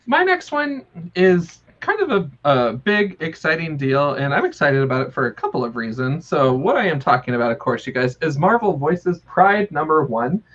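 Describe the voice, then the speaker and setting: A man co-hosting a casual chat, talking excitedly with lots of fillers. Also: fairly high pitch, highs cut off. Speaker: co-host.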